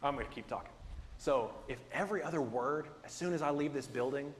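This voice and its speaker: A man teaching a Bible class in a conversational, self-deprecating, animated way. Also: medium pitch, brisk, slight background noise. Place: church building. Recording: echoey hall with long reverb.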